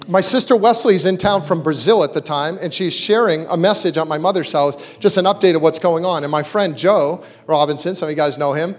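A man with a fairly high voice tells a personal faith story to a congregation. He moves between narration and lively acted-out quotes. Soft music plays faintly underneath. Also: a little fast, hardly any pauses. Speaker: church speaker giving a testimony. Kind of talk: storytelling sermon.

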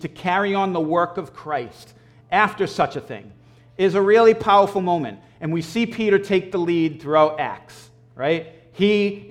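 High-voiced man preaching casually. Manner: animated, casual storytelling with frequent throat clearing. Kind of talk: conversational sermon.

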